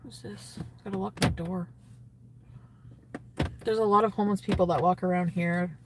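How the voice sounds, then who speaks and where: A woman's voice: fairly low pitch, steady tone, moderate pace, far from the mic, noisy background. A woman talks casually on a phone livestream from inside a parked car. She is giddy and gushing, and she keeps answering her chat between sighs and laughs.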